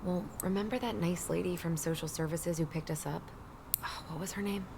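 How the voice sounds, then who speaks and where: An actress playing a quiet, haunted young woman in a game, speaking in a soft, subdued, hesitant way. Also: lowish voice, steady tone, brisk. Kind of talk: game dialogue. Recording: game audio with clear noise.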